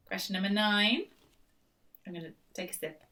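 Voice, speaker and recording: A woman's voice: mid-range voice, normal speed, bright, forceful tone. A woman hosting a live-stream quiz, reading out questions and repeating them in a chatty, teasing way. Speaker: quiz host. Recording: voice distant from the mic.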